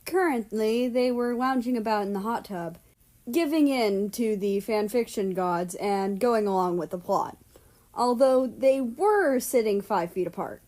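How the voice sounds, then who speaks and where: A woman's voice: on the high side, a little slow, a little mellow. A woman narrating fanfiction aloud in a casual reading style with the odd swear. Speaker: fanfiction reader. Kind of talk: storybook narration.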